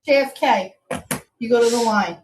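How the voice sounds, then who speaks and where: A woman on a played stream clip bluntly ranking people one after another. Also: fairly high pitch. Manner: blunt, rapid verdicts. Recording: distant with clear background noise.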